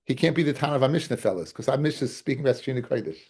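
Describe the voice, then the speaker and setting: A man speaks very fast in an expressive, mid-range voice, a little mellow and slightly rough, as he teaches a Talmud class. He keeps checking that the guys and fellas understand, repeating key points and restarting to make them stick.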